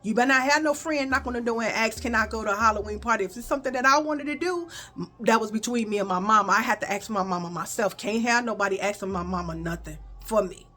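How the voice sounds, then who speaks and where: A woman vlogger telling a childhood story in an animated, conversational way, talking straight to her viewers. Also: a little high, fast talker. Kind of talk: casual storytelling.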